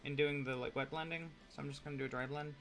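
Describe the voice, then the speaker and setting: A man's voice: on the high side, fairly even intonation, quick pace, music in the background. A young man chatting casually while he paints on a live stream, joking and explaining each step.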